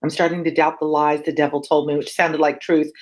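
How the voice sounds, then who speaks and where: A woman's voice: low voice, flat delivery, a little fast, darkish tone, close to an everyday voice, rough recording. A woman reading the part of a weary, doomed king aloud from the text in a classroom read-aloud of a play. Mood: grim. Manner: reads the lines aloud from a text. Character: weary doomed Scottish king Macbeth, man.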